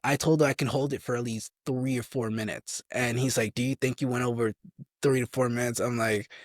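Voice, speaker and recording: A man's voice: medium pitch, no room sound, studio quality. A young man in his twenties, an army soldier telling stories in a casual interview, rambling with restarts and acting out quotes.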